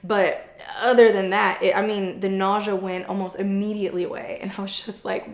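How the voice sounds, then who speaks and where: Young woman telling a personal story, super open and chatty, mid-pitch, roomy echo. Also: moderate pace, hardly any pauses. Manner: chatty and open, frequent "like" fillers, animated retelling. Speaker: podcast co-host. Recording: echoey room.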